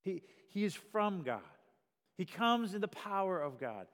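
A man's voice: high-pitched, very animated, unhurried, fairly bright tone. Earnest preacher man in a reverberant hall. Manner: earnest, repeats words when starting, rises in volume for emphasis. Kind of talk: sermon.

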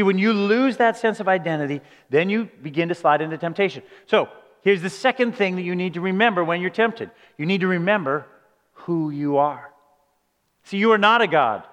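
A man delivering a sermon with an earnest, emphatic preaching manner, leaning on rhetorical questions. His voice sits high for a man. The sound carries a long hall reverb around it. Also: a bit bright. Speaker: pastor.

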